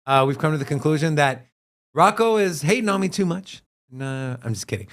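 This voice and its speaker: Lively high-voiced man ranting on a livestream. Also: brisk. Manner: animated, ranting and joking. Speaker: co-host of a crypto livestream. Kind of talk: casual livestream chat.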